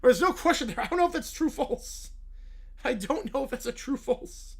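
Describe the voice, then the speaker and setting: A male streamer reacting casually on a live stream. He talks in a relaxed, mumbling way, often laughing and trailing off. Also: extremely high pitch, brisk, vocal fry, breathy edge. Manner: laid-back, laughing, mumbled asides.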